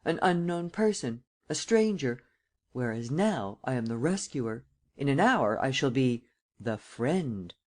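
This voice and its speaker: In a storybook reading, a male narrator plays a middle-aged gentleman thief, cool, cynical and self-assured, who explains his schemes with sardonic ease. The delivery is mid-range and a little slow.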